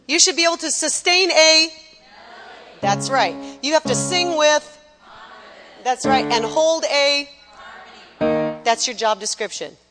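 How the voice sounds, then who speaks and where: A woman teaches a room of worship singers, her high voice leaping around as she explains and demonstrates. She breaks into short sung phrases and playful imitations. The sound carries a long hall reverb with soft music behind it. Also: normal speed, long pauses. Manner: animated, sings short demonstration lines, mimics people. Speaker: worship vocal coach. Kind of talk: lively teaching talk to a class.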